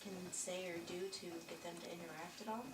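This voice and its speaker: A female paranormal investigator asking quick, soft-spoken questions. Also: fairly low pitch, steady tone, a crowd in the background. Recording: echoey, distant, noisy camcorder audio.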